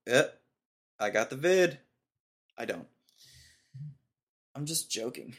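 A young man talks alone into the mic, hosting his own podcast. His voice sits at an ordinary middle pitch, and he rants in an exasperated, mocking way. He keeps cracking himself up between complaints. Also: animated, slow, long pauses. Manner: ranting, exasperated, mocking, laughs at own jokes. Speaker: podcast host. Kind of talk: casual solo podcast rant.

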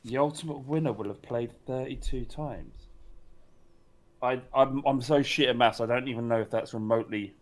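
A man's voice: medium pitch, moderate pace. A young man co-hosting a casual podcast, playfully teasing and quizzing his friend. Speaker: podcast co-host. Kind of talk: casual chat.

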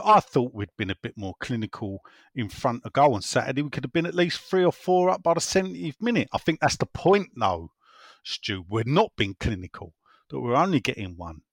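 In a casual football fan chat with no room sound, a mid-range male voice reads listener messages as the podcast host. He drifts into rambling and repeats himself along the way.

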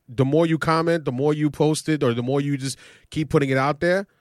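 Fast-talking New podcast guy. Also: fairly high pitch, no echo, studio quality. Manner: animated storyteller, quick, acts out relatives' voices. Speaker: podcast co-host. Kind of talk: casual sports podcast chat.

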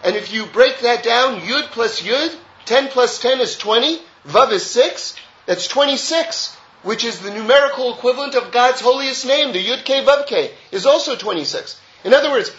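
A man's voice: very high-pitched, animated, normal speed, hardly any pauses, fairly bright tone, echoey room, muffled recording. A man teaching a Torah class, earnest and repeating phrases to drive key points home.

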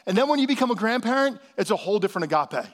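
A man in his fifties preaching a sermon, lively and conversational, calling out to the congregation and dropping to a hushed voice for emphasis. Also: sits high, rapid-fire. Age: 50s. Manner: animated preaching, drops to soft hushed tones for emphasis; calls out to the congregation for responses. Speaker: pastor.

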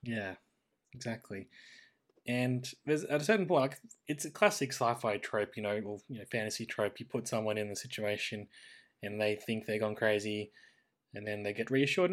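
An Australian man chatting casually as a podcast co-host, animated and talkative about a cartoon episode. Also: mid-range voice, moderate pace. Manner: chatty, animated when quoting characters. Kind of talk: casual chat reviewing a cartoon.

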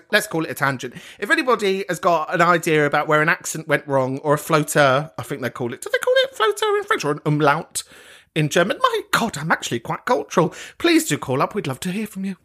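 A camp, foul-mouthed man in his thirties hosts a chatty podcast. His voice is bright and forceful, and it jumps all over the place in pitch. He laughs often as he talks. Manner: sweary, camp and gossipy, laughs a lot. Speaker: podcast host. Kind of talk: casual comedic chat.

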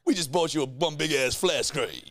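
A man putting on a brash car-makeover host, boasting loudly in heavy slang. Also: fairly high pitch, moderate pace, soft background music, pitched above the performer's own voice, lightly acted. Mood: hyped. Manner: loud, slangy, boasting hype.

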